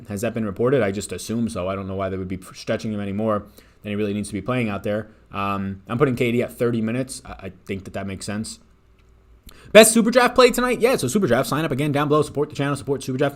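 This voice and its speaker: Fast-talking man hosting a picks stream. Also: medium pitch. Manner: rapid, casual, swears freely. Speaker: fantasy sports picks host. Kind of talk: live-stream sports betting talk.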